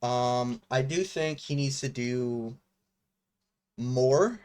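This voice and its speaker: A man's voice: medium pitch, very slow, darkish tone, clean tone. Rambling young man breaking down fights. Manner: rambling, frank, swears casually, many fillers. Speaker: MMA commentary vlogger.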